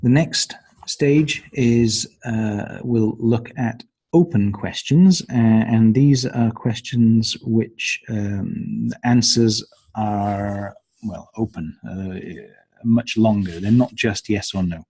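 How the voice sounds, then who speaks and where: A low-pitched, husky male voice takes listeners through the stages of a lesson plan. He speaks slowly and deliberately, and he often fills his pauses with ums and uhs. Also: a little mellow. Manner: hesitant, many ums and uhs. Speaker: teacher trainer. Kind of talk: instructional walkthrough of a lesson plan.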